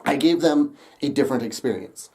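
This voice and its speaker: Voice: medium pitch, expressive, a little fast, mellow. A young adult vlogger telling a rambling story straight to camera, laughing often and swearing casually.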